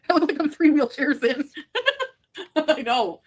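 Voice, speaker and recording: A woman's voice: high-pitched, unhurried, darkish tone. A woman co-hosting a livestream, reading the chat aloud in a playful, teasing way and tossing in French phrases.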